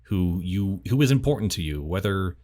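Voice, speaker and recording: A man's voice: sits low, animated, normal speed, mellow. A man acting as game master, chatting casually through character setup for a tabletop game, laughing often and restarting his phrases. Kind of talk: casual chat running a tabletop session.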